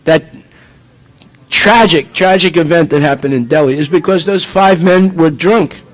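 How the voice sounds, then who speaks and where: Emphatic high-voiced male preacher. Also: unhurried, rough recording. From United States. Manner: emphatic, rhetorical questions. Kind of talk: sermon.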